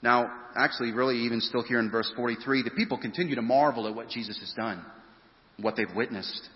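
A male pastor preaching an earnest sermon, stressing key phrases and slowing down to drive points home. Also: mid-range voice. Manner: earnest, emphatic preaching with rising stresses and slow drawn-out phrases. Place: church sanctuary. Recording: dull sound with long hall reverb.

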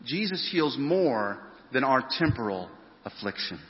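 A man preaching a sermon in a church hall, his voice trailing off into long reverb. He is earnest and emphatic, leaning hard on key phrases and drawing some out slowly. The recording sounds muffled and a little dull. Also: medium pitch, big pitch swings. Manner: earnest, emphatic preaching with rising stresses and slow drawn-out phrases. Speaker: pastor. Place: church sanctuary.

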